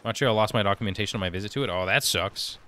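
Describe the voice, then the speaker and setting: A man's voice: on the low side, rapid-fire, pushed and bright, smooth, faint music behind. A man streaming a game, casually reading viewer comments aloud and chatting back. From United States. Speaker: gaming streamer reading chat. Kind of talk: casual live-stream chat while gaming.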